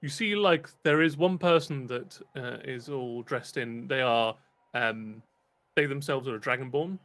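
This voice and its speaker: A man's voice: medium pitch, unhurried, a bit bright. A British man narrating a tabletop game as game master, rambling with many fillers and restarts.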